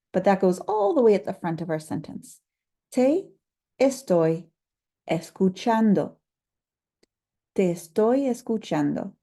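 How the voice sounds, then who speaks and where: A woman teaching a short Spanish lesson for school staff, explaining clearly and patiently and slowing down to model words. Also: mid-range voice, warm tone. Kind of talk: instructional video lesson.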